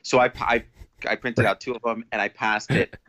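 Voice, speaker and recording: A man talking as a podcast guest in a casual, rambling way, restarting often and getting animated when he quotes people. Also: mid-range voice, normal speed. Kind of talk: casual storytelling. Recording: dull lo-fi audio.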